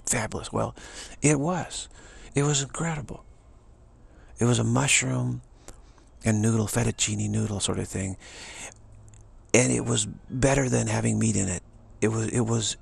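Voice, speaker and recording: A man's voice: fairly low pitch, vocal fry, husky. A man telling a personal story as a spiritual teacher, repeating key phrases and slipping into whispered asides. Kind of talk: casual storytelling talk.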